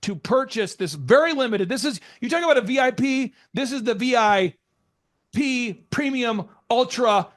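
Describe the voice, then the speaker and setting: A man hosting a business podcast, talking in animated, jokey, rambling banter with frequent restarts. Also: very high voice, moderate pace. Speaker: host.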